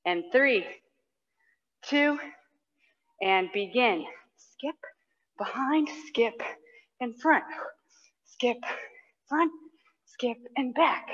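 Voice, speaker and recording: A woman's voice: fairly high pitch, very slow, long pauses, a bit bright, in a large hall. A woman fitness instructor coaching a live workout with short cues, countdowns and cheers for people by name, breathing hard as she exercises along. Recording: dull lo-fi online class audio.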